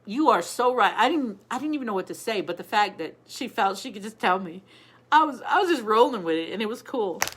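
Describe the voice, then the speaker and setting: A woman's voice: mid-range voice, animated, brisk, fairly bright tone, breathy edge. A middle-aged woman hosting a casual live stream, chatting and telling stories while greeting viewers by name.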